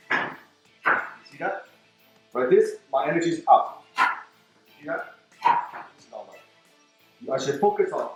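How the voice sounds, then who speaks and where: A man's voice: fairly high pitch, fairly bright tone. A man coaches a demonstration lesson in broken English, repeating words as he shows each move. His voice sits well back from the mic and rings through a very echoey indoor room. Faint music plays behind him. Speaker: martial arts instructor. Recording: roomy echo, mic at a distance, faint music.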